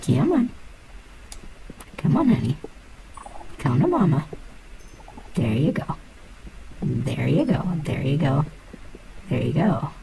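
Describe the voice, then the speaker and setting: A woman chats her way through a game in a deep, heavily gravelly voice. She is playful, mutters to herself and swears freely. A steady background noise sits under her voice. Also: slow, pauses often. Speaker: gamer. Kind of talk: casual gameplay commentary.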